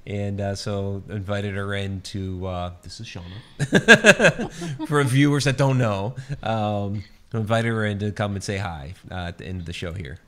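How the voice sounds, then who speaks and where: A man hosting a casual livestream chat over a video call, reading out viewer questions in a relaxed way. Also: lowish voice, measured pace. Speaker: podcast host.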